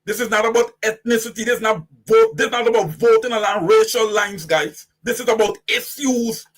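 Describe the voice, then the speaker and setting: A man's voice: high voice, steady tone, a little fast. A man with a Guyanese accent hosting impassioned political commentary, preaching fiery direct address to his audience. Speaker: host.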